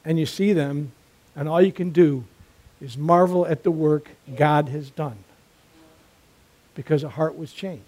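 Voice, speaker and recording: A man delivers a sermon with emphatic, repeated phrases and a storyteller's ease. His voice is mellow and warm, sitting a bit high for a man. He builds his points through steady repetition. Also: measured pace, long pauses. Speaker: preacher.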